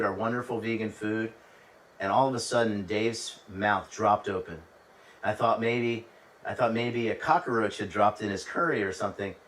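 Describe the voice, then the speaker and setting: A man with a fairly low voice recounts a story from his travels in a relaxed, chatty monologue. He restarts phrases and turns to the listener with asides. His voice sits a little back from the microphone. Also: distant mic, rough recording. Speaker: host telling travel stories.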